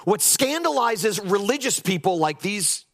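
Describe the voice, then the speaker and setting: A male pastor preaching a lively sermon, throwing his voice into mocking impressions of critics and pressing his points with emphasis. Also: sits high, a little slow.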